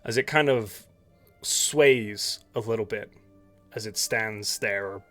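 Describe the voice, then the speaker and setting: A man narrating a tabletop game as dungeon master, slow and descriptive, with many fillers. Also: lowish voice, fairly bright tone, faint music behind.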